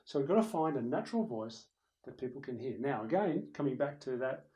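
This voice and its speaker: A man's voice: mid-range voice, brisk, low-quality recording. A man giving a conversational lesson on presentation skills, talking directly to the viewer and to someone in the room. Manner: conversational, animated, demonstrates loud and soft voices. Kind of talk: recorded lecture. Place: room with a camera operator.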